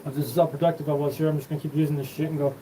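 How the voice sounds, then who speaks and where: A man's voice: on the high side, flat delivery, racing, mellow, a little hiss or hum, poor audio. A man hosting his own show, talking in a rambling, profane monologue that jumps from topic to topic. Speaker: show host.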